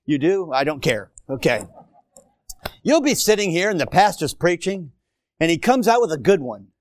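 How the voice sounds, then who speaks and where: A man preaching with animated, playful energy, teasing his congregation and calling on people from the pews. His voice sits a little high for a man, and the sound is close and dry with little room echo. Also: moderate pace. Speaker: pastor. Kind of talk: lively sermon. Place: church auditorium.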